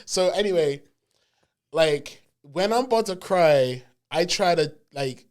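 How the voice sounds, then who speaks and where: Male podcast co-host, slightly higher voice, loose slangy storyteller who laughs easily. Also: slow pace. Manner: animated, laughing, slangy storytelling with acted-out quotes. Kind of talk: casual storytelling chat.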